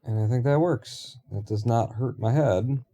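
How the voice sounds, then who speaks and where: A man's voice: medium pitch, measured pace, mellow. A man streaming a building game, rambling and thinking aloud in casual talk with offhand swearing.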